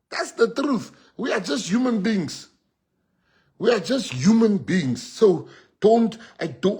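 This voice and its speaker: A South African man, a party leader addressing his supporters in an impassioned speech that swings from loud exhortation to hushed personal storytelling. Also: high voice, husky. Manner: animated, switches between shouting and hushed storytelling.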